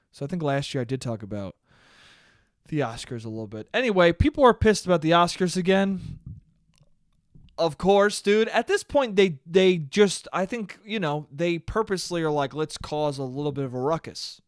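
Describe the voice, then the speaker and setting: A man's voice: on the high side, normal speed, dry recording, clean studio sound. Profane young man ranting on a podcast. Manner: profane, animated, talks to listeners as "dude". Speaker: podcast host. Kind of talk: solo podcast rant. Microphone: studio mic he checks the levels on.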